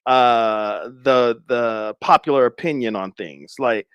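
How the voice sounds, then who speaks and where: A man's voice: mid-range voice, takes it slowly, fairly bright tone, clear, resonant tone, no room sound, dull audio. A man giving casual, rambling commentary to his viewers, laughing often and speculating. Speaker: commentary streamer.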